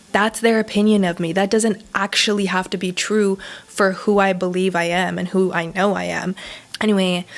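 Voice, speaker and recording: Candid young woman vlogging, casual and emphatic. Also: medium pitch. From Southern California. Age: 20s. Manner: casual, emphatic, frequent swearing and fillers. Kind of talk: candid personal vlog talk.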